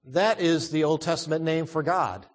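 A man's voice: fairly high pitch, normal speed, in a large hall. A man preaching a sermon, emphatic, repeating words and asking the congregation questions.

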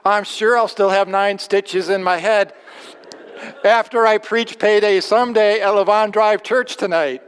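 A pastor voicing a stubborn, cheerfully defiant elderly preacher in a retold story, insistent and good-humored. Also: male voice, high-pitched, fairly even intonation, unhurried, a bit bright, clean tone, long reverb tail, voice pushed up.

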